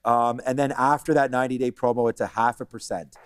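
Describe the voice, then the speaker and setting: A man hosting a live stock market show, chatting casually with quick asides and lots of fillers. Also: medium pitch, steady tone, slight background noise. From Canada. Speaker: stock market livestream host.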